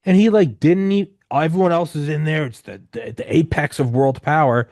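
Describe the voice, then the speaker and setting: A man in his thirties hosting a podcast, telling stories in a loose, rambling, animated way with casual swearing. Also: on the high side, moderate pace, dry recording, clean studio sound. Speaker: podcast host. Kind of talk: casual conversational storytelling.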